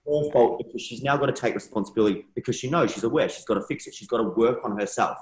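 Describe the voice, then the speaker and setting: A man's voice: medium pitch, quick pace, roomy sound, a little hiss or hum, low-quality recording. A young man, an interview guest, telling stories casually and acting out dialogue in shifting voices. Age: young adult. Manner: animated storyteller, acts out dialogue in shifting voices.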